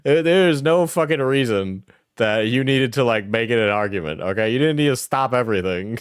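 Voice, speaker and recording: A man's voice: medium pitch, lively intonation, moderate pace, clear, resonant tone, dry recording, clean studio sound. A man streamer reacting to a clip, mocking it, laughing often and swearing freely. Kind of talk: casual reaction commentary.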